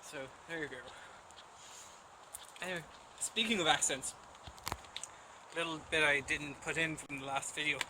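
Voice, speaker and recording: A man's voice: a little high, steady tone, normal speed, long pauses, noisy background. Chatty Dublin man with rambling talk. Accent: Dublin Irish. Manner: rambling, chatty, self-deprecating. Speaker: vlogger. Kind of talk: casual chat to camera. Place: at home.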